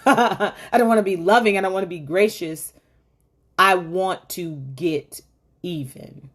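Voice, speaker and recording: A woman's voice: on the low side, slow pace, fairly bright tone. A middle-aged woman hosting a motivational faith-based talk, telling stories in a chatty way with many asides and frequent laughs. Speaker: host of a women's faith talk.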